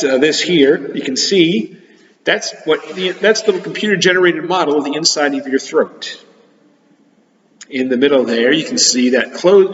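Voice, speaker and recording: A science teacher with a fairly high, fairly bright voice gives a chatty children's lesson, guiding listeners through hands-on demonstrations. The audio is dull and muffled, with a long reverb trailing his words as though he's in a big hall.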